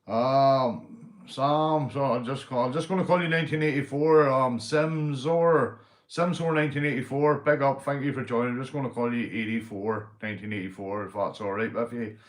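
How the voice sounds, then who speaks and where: A man with a Northern Irish accent hosting a casual livestream, swearing freely and giving loud shout-outs to viewers. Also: medium pitch, steady tone, moderate pace, echoey room. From Northern Ireland. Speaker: livestream host. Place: indoors at home, drinking.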